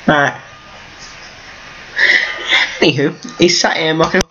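A goofy, excitable man giving casual commentary while playing a block-building game at home. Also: fairly high pitch, takes it slowly, long pauses, highs cut off, a little hiss or hum. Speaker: Minecraft let's player. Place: room at home.

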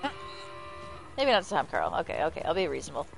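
A woman streaming live gameplay commentary, swearing freely and yelling at the game. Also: low-pitched, huge pitch swings, fast talker, gravelly, slight background noise. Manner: profane, exclaiming, talks to the game.

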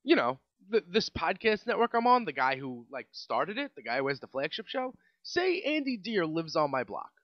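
A young New York man rants on his own podcast in a rambling, exasperated way, often restarting his sentences. His voice sits high and swings widely in pitch. The recording is dry and a little dull. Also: very animated, normal speed, hardly any pauses, dry recording. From Staten Island, New York. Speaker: podcast host. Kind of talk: casual solo podcast rant.

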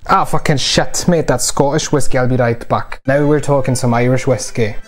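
A linguistics video host, a man whose first language is German, narrates a scripted lesson full of jokes, sarcastic and irreverent, swearing for comedy. His mid-range voice has fairly even intonation at a normal speed, with faint music behind him.

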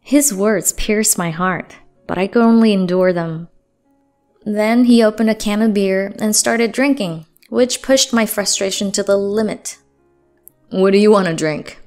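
A woman narrating a dramatic first-person story in a steady, earnest voice. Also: mid-range voice, unhurried. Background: faint music.

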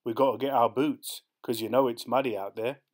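Man reading a kind patient father, soft and encouraging, storybook dad. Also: mid-range voice, steady tone, fairly quick, lightly acted. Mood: upbeat. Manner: gentle, encouraging, soft-spoken. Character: patient, gentle dad on a fishing trip. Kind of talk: storybook read-aloud.

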